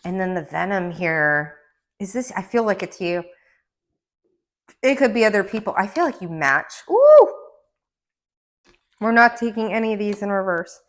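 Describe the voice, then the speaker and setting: A woman giving a casual tarot card reading at home, rambling and excitable, with gasps and laughs between her thoughts. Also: medium pitch, moderate pace. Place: indoor room. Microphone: camera mic.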